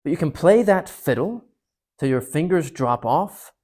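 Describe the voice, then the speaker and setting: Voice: medium pitch, expressive, a little slow, darkish tone, pitched above the performer's own voice. A storyteller reading aloud as a gloomy but stubborn marsh creature, breathless, defiant and impassioned.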